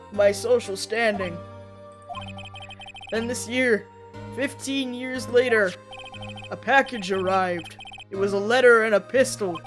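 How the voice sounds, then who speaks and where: A woman voicing a bitter older man, a former court bailiff, who gives a grim, flat confession in a game read-along. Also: fairly high pitch.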